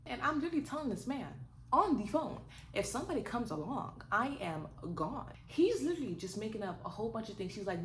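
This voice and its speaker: A young woman vlogger telling a dating story in a casual, sassy, animated way, full of rhetorical questions. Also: on the high side, brisk. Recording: roomy echo with faint noise.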